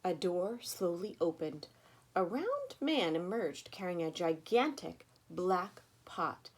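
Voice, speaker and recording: Woman storyteller, children's read-aloud, expressive with lively, varied intonation. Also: lowish voice, takes it slowly. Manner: expressive, inviting listeners to join in.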